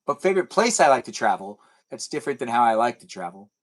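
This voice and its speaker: A man's voice: mid-range voice, very animated, fast talker, rough recording. A man chatting casually with viewers on a live stream, rambling playfully and acting out silly imagined conversations. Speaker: livestreamer.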